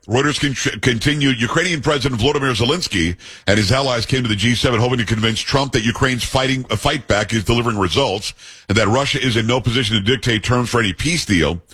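A man's voice: mid-range voice, a bit bright, husky. A man hosting a talk radio show, reading news aloud and giving emphatic, opinionated commentary while joking with his co-hosts.

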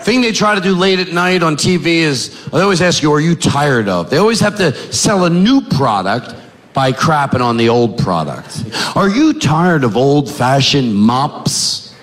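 A man's voice: a little high, sing-song, moderate pace, a bit bright. A man doing stand-up comedy, mocking and incredulous, acting out both sides of made-up dialogues. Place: comedy club. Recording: roomy live club recording.

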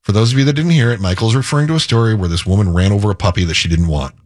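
A man's voice: lowish voice, racing, a little mellow. A man co-hosting a radio talk show, bantering about politics with sarcastic jokes. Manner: sarcastic, joking.

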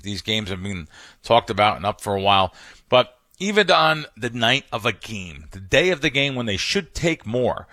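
A man with a bright, forceful voice talks through betting like a seasoned pro on a podcast. He stumbles and restarts mid-sentence, then drives his points home with emphatic stories. The recording is dry and close, with no room sound. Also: mid-range voice, no echo. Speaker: professional sports bettor, guest. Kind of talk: casual podcast conversation.

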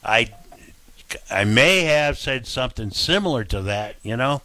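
Blunt, rambling talk radio host. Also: male voice, medium pitch, lively intonation, measured pace, sharp tone, dry recording.

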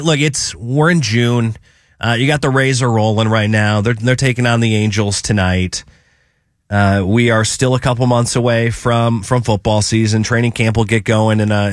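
A man's voice: mid-range voice, no room sound, clean studio sound. A man with a Midwestern accent hosting a casual sports talk radio show, rambling a little with plenty of fillers. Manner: relaxed, rambling, frequent fillers. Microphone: studio mic.

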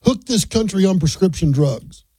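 Animated older male talk radio host. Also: high voice, normal speed, husky, no room sound, rough recording. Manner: folksy, opinionated, animated.

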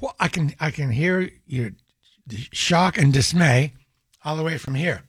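A man's voice: fairly high pitch, expressive, unhurried, slightly rough, dry recording, studio quality. A middle-aged man hosting a call-in radio show, talking casually with many fillers and restarts, and firing off exasperated rhetorical questions. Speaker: radio talk show host.

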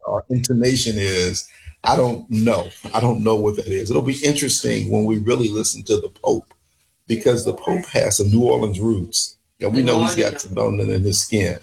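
A man's voice: lowish voice, vocal fry, poor audio. A man from northern Louisiana co-hosting a morning talk radio show, chatting casually from a studio microphone.

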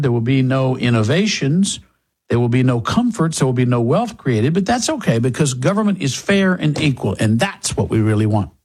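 A man's voice: mid-range voice, breathy edge. A man hosting a political commentary show, delivering a sarcastic, mocking opinion monologue.

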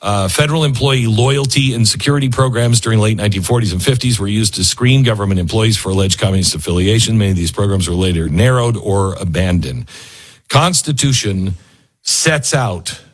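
A man hosting a talk radio show, musing and thinking aloud with pauses as he reads and comments before taking calls. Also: on the low side, breathy edge.

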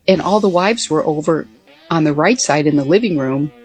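A woman's voice: sits low, moderate pace, a little mellow, slightly rough, faint music behind. An older woman, a former Air Force pilot, telling stories in a casual interview with many fillers and restarts.

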